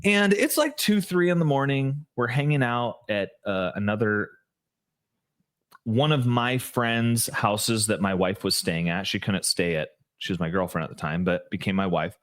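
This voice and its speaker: Here a man co-hosting a podcast speaks at a moderate pace in a fairly low voice. His casual storytelling is animated, peppered with "like," and full of restarts.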